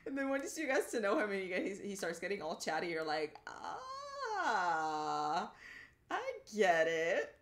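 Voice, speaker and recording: Bubbly, animated young woman streamer. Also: mid-range voice, quick pace, few pauses. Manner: bubbly, giggly and animated, greeting chat by name. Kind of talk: casual live-stream chat while gaming.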